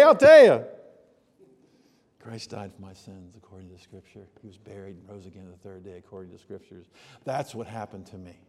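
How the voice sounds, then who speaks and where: A man preaching a sermon, telling stories and moving from hushed asides to loud, emphatic outbursts. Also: mid-range voice, slightly rough, in a large hall. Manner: storytelling, swings from soft asides to loud exclamations. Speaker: pastor.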